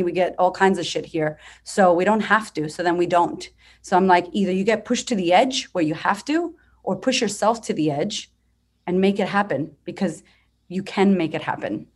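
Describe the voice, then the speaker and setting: Blunt, energetic woman in her thirties. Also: lowish voice, husky. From United States. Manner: blunt, profane, energetic and animated. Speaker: business coach guest. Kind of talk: candid podcast storytelling.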